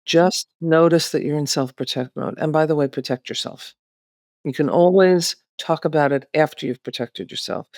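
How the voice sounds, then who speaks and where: A woman co-hosting a podcast, explaining things in a calm, reflective, therapeutic way. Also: deep voice, moderate pace, no room sound, clean studio sound. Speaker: podcast co-host.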